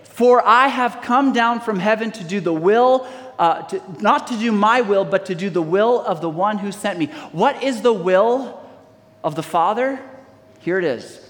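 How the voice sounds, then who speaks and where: A man's voice: high-pitched, unhurried, fairly bright tone, in a large hall. A man preaching a sermon as pastor, reading scripture aloud and calling on the congregation to answer back. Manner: preaching with call-and-response to the congregation.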